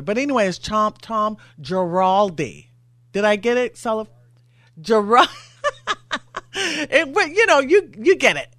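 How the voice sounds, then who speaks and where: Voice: medium pitch, bright, forceful tone, no echo. A talk radio host in a studio, getting worked up and firing off rhetorical questions.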